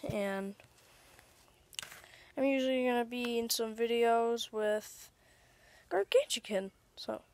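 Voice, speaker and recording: A woman voicing a friendly male pelican plush toy, introducing himself plainly and slowly. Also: a little high, expressive, darkish tone, a little hiss or hum.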